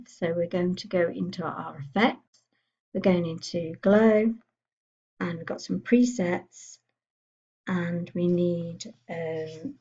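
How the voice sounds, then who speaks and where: A woman giving a chatty software tutorial, thinking aloud as she clicks through menus. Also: lowish voice, husky, highs cut off. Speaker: computer skills tutor. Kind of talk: screen-recorded software tutorial.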